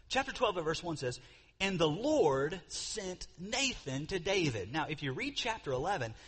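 A man preaching a sermon, earnest, slowing down on the verses he quotes and rising when he stresses a point. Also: on the high side, a bit bright, husky. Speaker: pastor.

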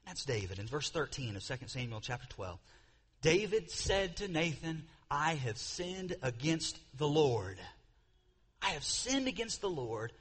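Guy preaching, kinda husky, a bit high for a man, slows down big on the verses. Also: a bit bright. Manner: earnest preaching, slows to stress verses, rises when emphatic. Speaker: pastor. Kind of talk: sermon.

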